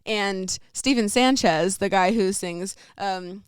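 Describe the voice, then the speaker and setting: A young woman chats as a podcast guest, giggling often and filling gaps with casual fillers. Her voice is smooth and clear at a middle pitch, close-miked in a dry studio. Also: slow, dry recording. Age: young adult. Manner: giggly, chatty, lots of fillers. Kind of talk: casual chat.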